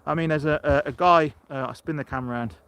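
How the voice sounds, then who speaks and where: A man's voice: on the high side, quick pace, fairly bright tone, clear, resonant tone, no room sound. A middle-aged man from England chatting rambly on a live stream from his allotment, talking into a phone camera outdoors and answering viewers as he goes. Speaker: allotment vlogger. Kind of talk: live-streamed casual chat.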